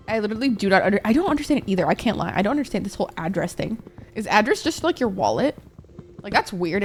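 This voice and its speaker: A woman streaming a game live, chatting casually with her viewers, swearing often and reacting to chat. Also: on the high side.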